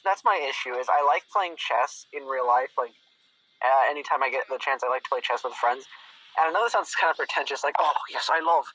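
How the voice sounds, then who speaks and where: A man's voice: mid-range voice, bright, forceful tone, poor audio. A young man chatting casually as a guest, thinking aloud and restarting his sentences often. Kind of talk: casual chat.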